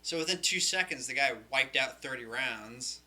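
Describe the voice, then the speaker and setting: A man co-hosting a casual podcast chat, telling animated stories and swearing freely. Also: medium pitch, moderate pace. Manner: animated storyteller, profane. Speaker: podcast co-host.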